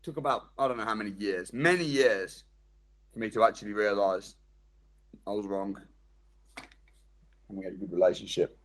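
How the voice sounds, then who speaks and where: A man delivers a live motivational seminar talk in a lowish voice at a moderate pace, leaving long pauses. Animated, he throws questions straight at the audience and performs the quoted inner voices he talks about.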